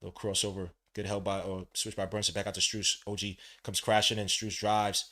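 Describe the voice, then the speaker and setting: A man hosting a live watch-along podcast, giving casual play-by-play in a relaxed, slangy way and jumping from hushed commentary to loud excited outbursts. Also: on the low side, a little fast. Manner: casual slang, talks to the listener like a friend. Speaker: podcast host calling a game.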